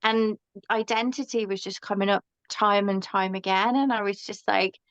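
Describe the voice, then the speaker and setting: A woman hosting a podcast, talking in a casual, frank and animated way and acting out the voices she quotes. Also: medium pitch, moderate pace, dry recording. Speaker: podcast host. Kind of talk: casual conversational chat. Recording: dull, dry recording.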